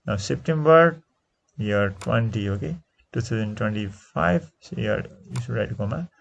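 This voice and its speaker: A man with a Nepali accent teaching an exam-prep English lesson, explaining slowly and repeating each answer, sometimes switching into Nepali. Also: fairly low pitch, lively intonation, gravelly, a little hiss or hum.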